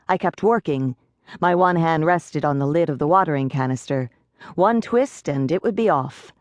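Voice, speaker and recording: Audiobook narrator, woman, lower register, dry booth sound. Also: no room sound. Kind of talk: first-person audiobook narration.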